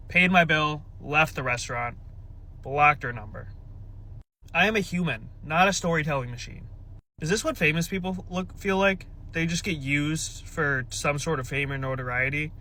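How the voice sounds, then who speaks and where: A man's voice: fairly high pitch, normal speed, bright, forceful tone. A man in his twenties telling a dating story in a sarcastic, exasperated storytime style. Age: 20s. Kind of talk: storytime vlog.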